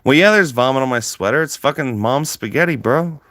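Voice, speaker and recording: A man's voice: mid-range voice, expressive, a little fast, fairly bright tone, no room sound, studio quality. A man livestreaming, ranting heatedly at his chat with constant swearing and emphatic repetition.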